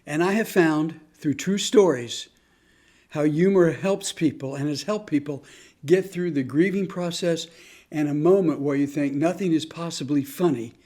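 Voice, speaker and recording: A man speaks in a slightly high voice, with earnest, deliberate phrasing. He tells a true family story in a storytelling talk. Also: dark tone. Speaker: host.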